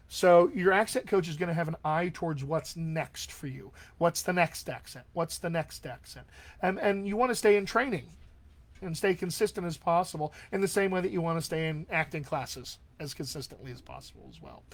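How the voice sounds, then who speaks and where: A man speaks in a slightly raised register as he hosts a casual live stream on acting technique. He talks in a friendly, encouraging way, often pausing on an "all right?" to check in with his viewers. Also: fairly high pitch. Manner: chatty, encouraging, tags lines with "all right?". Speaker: dialect coach hosting a live Q&A.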